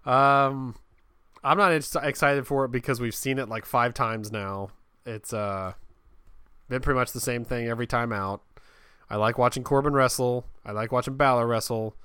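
A man co-hosting a casual chat, talking in a relaxed way and often repeating words as he starts a sentence. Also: mid-range voice, normal speed, smooth, dry recording. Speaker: podcast co-host.

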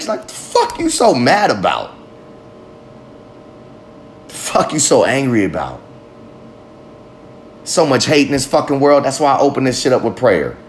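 A man's voice: a little high, slight background noise. A man hosting a podcast, talking in a rambling, profane, emphatic monologue. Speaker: podcast host. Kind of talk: casual monologue.

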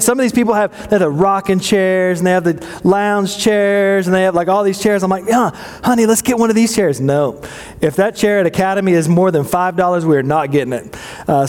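A man's voice: fairly high pitch, darkish tone. A man in his forties telling family stories in a folksy, joking sermon, often asking the audience questions. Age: 40s. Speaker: pastor. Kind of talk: casual sermon storytelling. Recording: long hall reverb.

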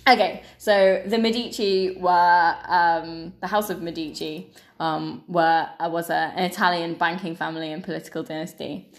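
A tipsy woman chatting as a podcast co-host, halting with many fillers and restarts. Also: fairly low pitch, fairly even intonation. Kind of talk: casual chat. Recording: echoey room.

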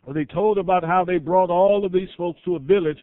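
A man preaching a sermon, telling a story that builds to loud, fervent peaks with drawn-out emphatic phrases. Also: sits high, steady tone, dry recording. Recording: tinny phone-like sound.

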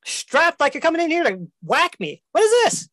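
A woman's voice: sits high, huge pitch swings, normal speed, fairly bright tone, dry recording, pitched above the performer's own voice, exaggerated voice. A woman voicing a crude, ugly male dragon who talks aggressive street slang and swears constantly. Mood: hostile.

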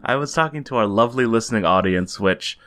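A man's voice: on the low side, expressive, fast, bright, forceful tone. A Canadian man co-hosting a podcast, bantering dryly and laughing often. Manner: dry, joking, laughs often. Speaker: podcast co-host.

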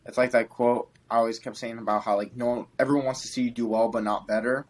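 A young man co-hosting a podcast in casual chat, animated and slangy. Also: mid-range voice, fast talker. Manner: animated, slangy, does silly voices in stories. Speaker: podcast co-host.

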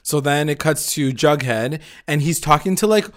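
A man's voice: a little high, lively intonation, moderate pace. A man hosting a podcast, recapping a show episode in casual, filler-heavy chat and laughing often.

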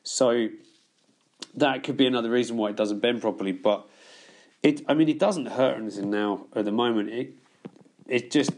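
A man's voice: mid-range voice, normal speed, long pauses, a little mellow. A man telling long stories in casual podcast chat, swearing freely and laughing as he goes. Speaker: podcast guest.

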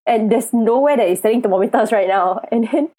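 A young university student co-hosting a podcast, chatting in an animated way and filling her talk with "like". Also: a little high, a little fast, low-quality recording. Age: young adult. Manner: animated, many "like" fillers. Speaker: podcast co-host. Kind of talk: casual chat.

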